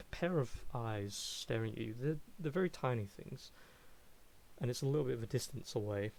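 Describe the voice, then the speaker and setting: A man running a tabletop game as game master, narrating a scene in a halting way with many fillers. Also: medium pitch.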